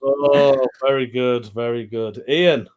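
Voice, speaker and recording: A man's voice: mid-range voice, steady tone, slow pace, darkish tone. A man hosting an online pun contest over a video call, laid-back and laughing between turns. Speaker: host.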